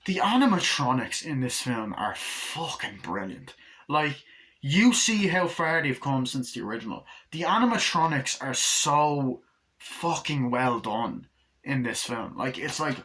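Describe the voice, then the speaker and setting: A man's voice: medium pitch, fairly bright tone, rough recording. A man giving a casual, rambling movie review, swearing freely and retelling scenes.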